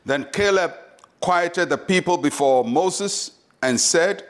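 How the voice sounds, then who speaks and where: A man's voice: sits high, slow pace. A male pastor giving a short devotional sermon, emphatic and repetitive, urging listeners on. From Ghana. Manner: emphatic, repetitive exhortation with acted quotes.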